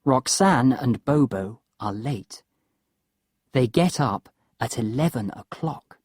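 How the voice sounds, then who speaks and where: Woman narrator, low and husky, very slow, dry close sound, storybook for learners. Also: lively intonation, a little mellow, dry recording. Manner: slow, clear and deliberate.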